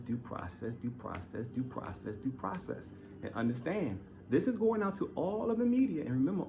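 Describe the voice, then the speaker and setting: A man delivering a heated, repetitive monologue, swinging from loud outbursts to low mutters. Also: a little hiss or hum. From Baltimore. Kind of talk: ranting monologue.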